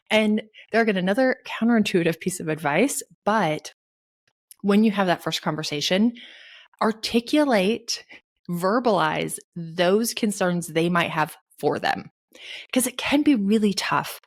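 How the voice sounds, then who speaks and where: A woman guest on a podcast giving animated, emphatic advice, laughing often and acting out quoted bosses in casual talk. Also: on the low side. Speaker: guest author.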